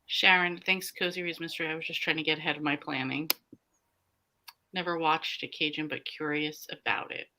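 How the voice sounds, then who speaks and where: A woman's voice: sits low, fairly even intonation, a little fast, noisy background. A woman from the American South hosting a live reading sprint, chatting casually and reading viewer comments aloud. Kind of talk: casual livestream chat.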